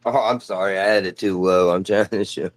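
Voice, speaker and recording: A man's voice: low-pitched, fairly even intonation, a little fast. A man streaming live from home, chatting casually in a loose, rambling way, swearing offhand and calling everyone "dude".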